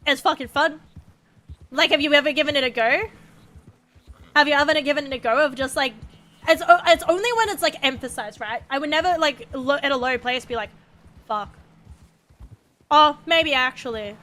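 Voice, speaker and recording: A woman's voice: sits high, fairly quick, sharp tone. An Australian woman streaming a game, chatting casually, swearing freely and laughing often.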